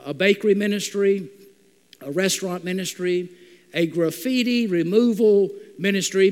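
A man preaching a sermon as pastor, halting with many filler "uh"s. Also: sits high. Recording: long reverb of a large hall.

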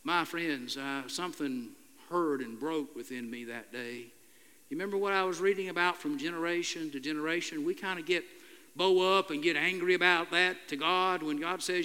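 Older pastor preaching in an echoing hall. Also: male voice, fairly high pitch, bright, forceful tone, smooth. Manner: halting, earnest storytelling with frequent "uh" fillers. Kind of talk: sermon. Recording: long hall reverb.

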